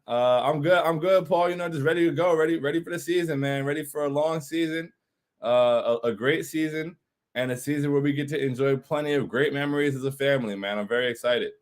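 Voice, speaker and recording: A man's voice: a little high, fairly quick. A man hosting a casual livestream chat, reading viewer comments and answering in an emphatic, slangy way. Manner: hype, emphatic, repeats phrases, slangy.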